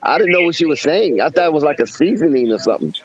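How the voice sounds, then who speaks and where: A man's voice: on the high side, big pitch swings, fast. A man in casual chat, telling laid-back stories with trailing asides. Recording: dull dry lo-fi sound.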